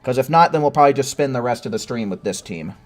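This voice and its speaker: A man's voice: mid-range voice, lively intonation, fast, faint music behind. A man casually chatting with his viewers while streaming a video game, swearing freely and rambling as he waits. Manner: chatty, swears casually, sings silly improvised tunes while waiting. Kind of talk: casual live-stream gaming chat.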